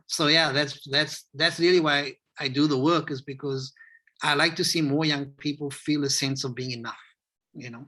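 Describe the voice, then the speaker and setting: A South African man talking in a relaxed, rambling way and acting out the voices of people he quotes, as a guest on a video call interview. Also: a little high. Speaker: hip hop educator, interview guest. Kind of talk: casual interview conversation.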